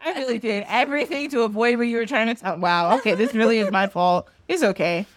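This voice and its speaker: A woman's voice: on the high side, fast, no echo. A woman hosting a podcast, chatting casually and laughing often as she acts out quotes. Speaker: podcast host. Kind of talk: casual chat.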